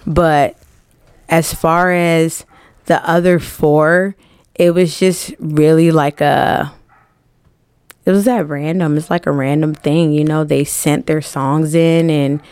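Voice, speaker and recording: Woman guest, slow drawl, blunt and slangy, dry studio sound. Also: sits low, steady tone, darkish tone, clear, resonant tone, no echo. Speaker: music event promoter and artist manager. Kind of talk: casual podcast interview.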